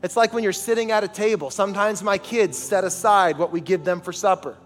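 A man's voice: sits high, fairly even intonation, brisk, in a large hall, faint music behind. A man preaching a sermon as pastor, emphatic and calling on the congregation for responses, in a large church sanctuary.

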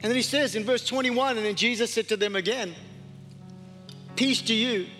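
A man preaching a sermon, impassioned, dropping to hushed tones for scripture. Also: very high voice, normal speed. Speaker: pastor. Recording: reverberant hall with faint music.

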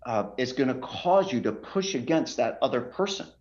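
A man with a pastor's emphatic, preaching way of talking, heard over a remote video call. The audio is a little muffled and dull, and his pitch sits in an ordinary middle range. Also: lively intonation, moderate pace, darkish tone. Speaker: pastor and author guest. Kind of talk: podcast interview.

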